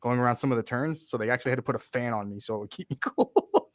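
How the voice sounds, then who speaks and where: A man chatting casually on a livestream about building PCs and racing, excitable and talkative. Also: mid-range voice, fast, dry recording, studio quality. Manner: excitable, chatty, laughs often.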